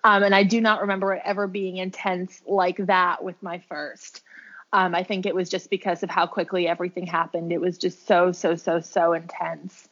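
A woman's voice: lowish voice, fairly bright tone. A woman telling a personal story in a casual, chatty way, full of "like" and "um". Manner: chatty, heavy use of "like" and "um". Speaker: podcast guest sharing her birth story; birth worker with clients. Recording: dull lo-fi recording.

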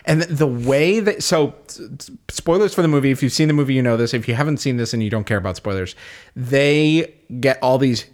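A man co-hosting a casual movie podcast, talking in an animated way, laughing often and acting out his own reactions. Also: mid-range voice, a little fast. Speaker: podcast co-host. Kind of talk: casual movie review chat.

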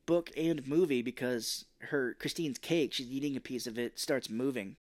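A man's voice: mid-range voice, normal speed. A man co-hosting a podcast, casually retelling a movie plot, acting out the characters' lines and swearing freely. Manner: animated, acts out quotes, swears freely. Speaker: podcast co-host.

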